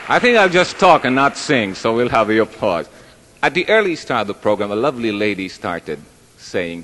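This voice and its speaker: The man's medium-pitched voice swings widely in pitch, moving at a normal pace with a fairly bright tone. Joking on stage for a live crowd in a large hall, he stays chatty, rambling and self-deprecating. A little hiss or hum sits under a long hall reverb.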